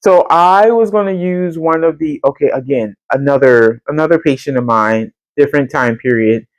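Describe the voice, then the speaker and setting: A woman, hosting a podcast and telling a story in casual chat, animated and chatty, often jumping into a high voice to quote people. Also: moderate pace, no room sound, lo-fi sound. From Central Texas. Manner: colloquial and chatty, addresses listeners as y'all. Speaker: podcast host.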